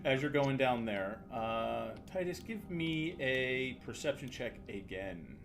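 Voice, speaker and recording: A man narrating as dungeon master in a casual tabletop game, halting with fillers and often laughing. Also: medium pitch, lively intonation, background noise.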